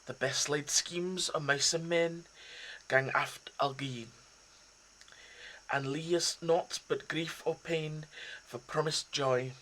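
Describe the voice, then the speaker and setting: Scottish farmer guy talking to a mouse in verse, a man doing the accent, slow and bright, kinda flat tune. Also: on the high side, a little hiss or hum, pitched above the performer's own voice, poor audio. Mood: tender, rueful. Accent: put-on Scottish. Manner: raised, declaiming, drawn-out phrasing. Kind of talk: poetry recitation.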